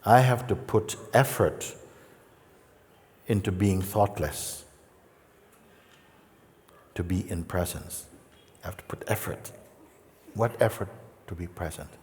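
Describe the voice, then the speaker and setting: A man, a spiritual teacher, giving a gentle, playful satsang talk with soft asides. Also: deep voice, slow, pauses often. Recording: long hall reverb.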